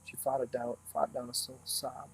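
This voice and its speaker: A man reading a novel aloud at a steady pace, with small slips and restarts. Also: medium pitch, normal speed, creaky, breathy edge, poor audio. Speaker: reader.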